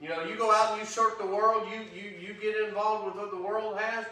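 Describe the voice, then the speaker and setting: A man preaching an interactive Bible teaching sermon, animated and quick to act out God's anger. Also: sits high. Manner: animated, acts out God's angry voice, rising to shouts. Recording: roomy echo, voice from a distance.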